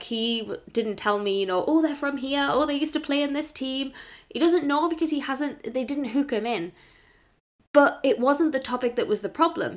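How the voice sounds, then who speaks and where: Woman in her thirties, higher-pitched, chatty solo podcaster, rambles with lots of "like"s. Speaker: podcast host, brand strategist. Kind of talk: casual solo podcast talk.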